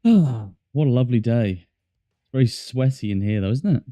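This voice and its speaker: A man's voice: medium pitch, expressive, moderate pace, warm tone, no room sound. A man chatting casually to his viewers while he plays a game on a livestream, jokey and talking to himself. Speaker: streamer. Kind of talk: casual gaming livestream chat.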